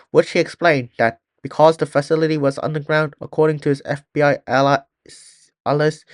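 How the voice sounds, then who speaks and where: A man's voice: fairly high pitch, no room sound, studio quality. A man reading a fan-written story aloud in a plain way, often restarting words. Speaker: story reader.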